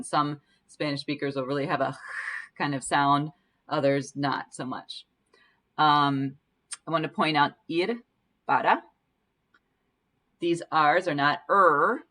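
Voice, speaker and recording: A woman teaching Spanish pronunciation in a patient way, slowly repeating each word to demonstrate it. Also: low-pitched, fairly bright tone. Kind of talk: language lesson.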